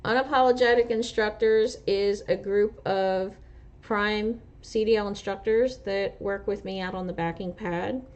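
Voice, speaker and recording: A woman's voice: mid-range voice, steady tone, measured pace, darkish tone. A woman with a New Jersey accent, a truck driver and instructor hosting a casual livestream and chatting with viewers, rambling with lots of fillers. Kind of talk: casual livestream chat, answering viewer comments. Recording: dull lo-fi livestream audio.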